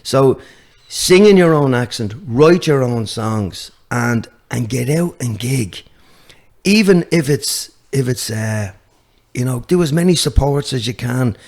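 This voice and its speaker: A man's voice: mid-range voice, slow. An older man, a guest guitarist chatting casually in an interview, telling stories with lots of restarts. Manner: animated storyteller with many restarts.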